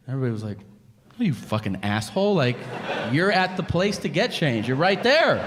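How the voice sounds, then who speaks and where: A man in his thirties performs stand-up on a club stage, switching voices as he acts out both sides of his stories. The sound rings with a long hall reverb, and an audience can be heard clearly behind him. His voice sits at an ordinary middle pitch. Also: very noisy. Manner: animated storytelling, acting out both sides of conversations. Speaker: stand-up comedian. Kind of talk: stand-up comedy routine. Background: audience laughter.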